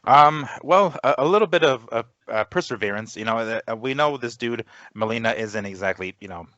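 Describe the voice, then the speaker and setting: A man co-hosting a boxing podcast, talking casually and haltingly with many fillers. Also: medium pitch, fairly bright tone, no room sound, muffled recording. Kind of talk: casual sports talk.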